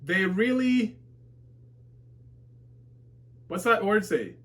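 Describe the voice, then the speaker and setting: A casual, excitable man reads viewer comments aloud on a live reaction stream. His voice sits a little high for a man and swings from low mutters to loud yelps. He laughs and swears freely as he reacts. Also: a little slow. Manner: excitable, swears and shouts at plot twists, laughs often.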